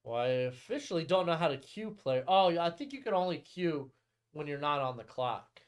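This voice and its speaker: Man, casual stream commentary, animated pitch, crisp voice, blunt and joking. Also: a little fast. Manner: blunt, joking, scolds bad trades. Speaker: streamer hosting a mock draft.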